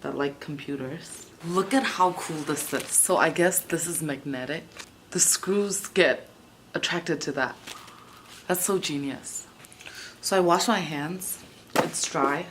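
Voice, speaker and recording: A woman's voice: deep voice, slow pace, slight background noise. A young woman chatting and swearing freely as she vlogs herself fixing something. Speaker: vlogger. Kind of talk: casual vlog narration while working.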